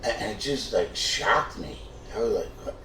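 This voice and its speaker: Middle-aged man, comic storyteller, profane, stammering restarts, low voice, distant mic. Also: lively intonation, normal speed, bright, forceful tone. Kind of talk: comic true-story telling. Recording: echoey room, distant mic, faint noise.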